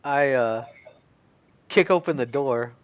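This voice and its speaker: A man's voice: mid-range voice, slow pace, dull audio. A man playing a tabletop game, eager, laughing a lot and stammering while he thinks through his moves. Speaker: player. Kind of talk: casual tabletop play.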